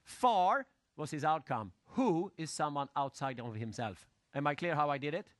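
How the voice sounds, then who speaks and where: A man lecturing an audience with lively storytelling, asking questions and using loose, broken grammar. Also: a little high, normal speed, dry recording, clean studio sound. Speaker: motivational speaker.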